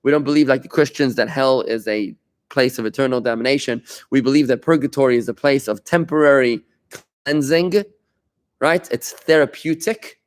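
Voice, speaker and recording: A man's voice: medium pitch, normal speed, smooth. A middle-aged man, a rabbi, teaching an informal Talmud lesson, explaining patiently, repeating phrases and turning to his students with chatty asides.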